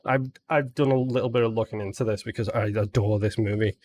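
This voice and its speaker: A man's voice: lowish voice, fairly even intonation, fast talker, darkish tone. A man co-hosting a casual film podcast, eagerly explaining scenes and details. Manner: eager explainer, acts out quoted lines. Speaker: podcast co-host.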